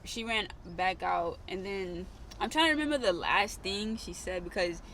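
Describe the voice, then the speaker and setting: A woman's voice: medium pitch, expressive, normal speed, a bit bright, slight background noise. A young woman telling a story in casual chat, rambling and repeating herself with many fillers.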